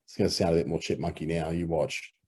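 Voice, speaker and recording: A man with an Australian accent explaining audio editing in a relaxed screen-recorded tutorial, with easy fillers. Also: sits low, quick pace, slightly rough.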